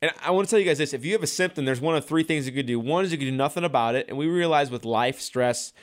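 A man who works as a chiropractor, giving an energetic health talk with many repeated words and restarts, often checking in with "right?". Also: fairly high pitch, quick pace. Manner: energetic, keeps asking "right?"; repeats himself, frequent restarts.

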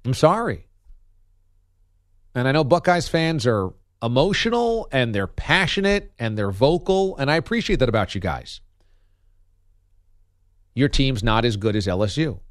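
A man's voice: medium pitch, big pitch swings, measured pace, long pauses, dry recording, clean studio sound. A man giving opinionated sports commentary as a radio host, emphatic and argumentative, hammering points with punchy repetition.

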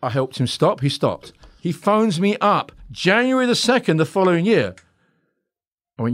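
Fast, animated man telling blunt stories. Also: a little high. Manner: blunt, swears freely, acts out dialogue. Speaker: hypnotherapist guest. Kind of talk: animated storytelling in a podcast interview.

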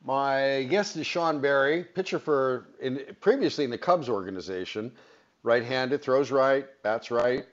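A man's voice: medium pitch, measured pace, dull audio. A man from the San Fernando Valley hosting a sports radio interview, asking long, chatty questions. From San Fernando Valley, California. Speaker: radio show host.

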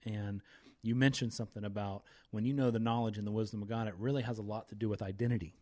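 A man's voice: on the low side, fairly even intonation, quick pace, darkish tone. A man hosting a faith podcast, talking with fired-up, preachy energy and reciting scripture with emphasis. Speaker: podcast host.

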